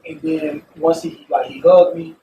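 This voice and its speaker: A man talking casually as a podcast co-host, animated and emphatic, swearing freely. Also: a little high, a little slow, recorded from a distance, a little hiss or hum, poor audio. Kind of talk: casual chat. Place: recording studio.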